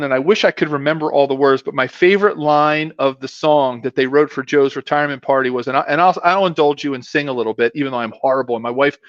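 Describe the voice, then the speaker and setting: A man's voice: on the high side, no room sound. Rambling man with a muffled sound. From South Philadelphia, US. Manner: rambling, self-deprecating, many restarts and fillers. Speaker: guest, former pro football player. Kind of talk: casual storytelling interview. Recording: dull, muffled sound, dry.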